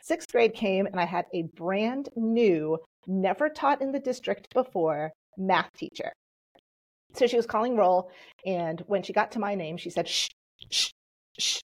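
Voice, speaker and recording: A woman from Texas, a podcast guest, telling a lively personal anecdote in conversation. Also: mid-range voice, measured pace. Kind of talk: storytelling in conversation.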